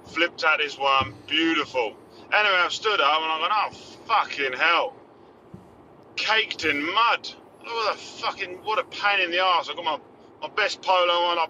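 A young man spins a boastful yarn in a phoned-in message. His voice sits a bit high and is sharply bright, and a faint hiss runs under it. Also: muffled recording. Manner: cheeky, boastful, laughing. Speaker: caller. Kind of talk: casual storytelling on a voice message.

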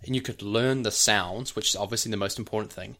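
A young adult man with a somewhat low voice co-hosts a relaxed podcast. He talks at length in an easy, rambling way, leaning on "like" and "you know" as he explains. He often stops to sound out examples. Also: brisk. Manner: breaks off to demonstrate accent sounds. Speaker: podcast co-host, actor. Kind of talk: casual podcast chat.

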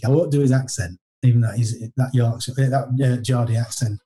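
A middle-aged man with a very dark, mellow voice, speaking at a mid pitch. He tells old stories from his playing days in a loose, rambling way, often restarting sentences and poking fun at himself. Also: brisk. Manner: rambling anecdotal, frequent restarts, self-deprecating. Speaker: former footballer guest. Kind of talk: casual interview storytelling.

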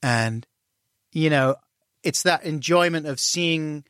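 Middle-aged guest, candid and wry, lively when he quotes people, recorded dry. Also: a little high, slow pace, clean tone, dry recording. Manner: self-deprecating, animated when acting out dialogue. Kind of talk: candid conversational storytelling.

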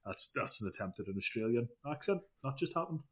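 A man's voice: mid-range voice, animated, fast talker, fairly bright tone. A man co-hosting a podcast in casual chat, rambling and self-deprecating, laughing often. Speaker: podcast co-host.

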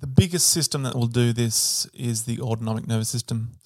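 Male podcast co-host with a mid-range voice, relaxed explainer, casual teaching chat. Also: medium pitch, fairly quick. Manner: relaxed explainer, hedges on details. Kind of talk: educational physiology podcast chat.

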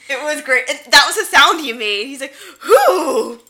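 A woman co-hosting a laid-back podcast, recapping an episode with playful jokes and quick acted-out quotes. Her voice sits a little high and rings brightly. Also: expressive. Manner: playful, giggly, acts out quotes. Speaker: podcast co-host. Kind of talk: casual chat recapping a show.

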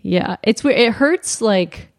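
A woman podcast host in casual chat, relaxed, chiming in with quick reactions. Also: mid-range voice, dry recording, clean studio sound.

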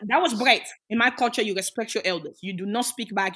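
A woman's voice: fairly high pitch, quick pace, few pauses, fairly bright tone. A young adult woman, an activist, talking passionately and emphatically in an interview, with many rhetorical questions. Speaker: interview guest, women's rights activist. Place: Australia.

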